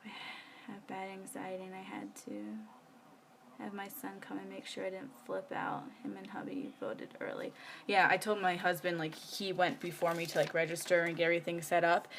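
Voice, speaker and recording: A woman's voice: on the low side, normal speed, gravelly, fairly bright tone, a little hiss or hum. A woman, chatting casually while she works on her planner during a live stream, rambling with many fillers. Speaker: planner vlogger. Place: home.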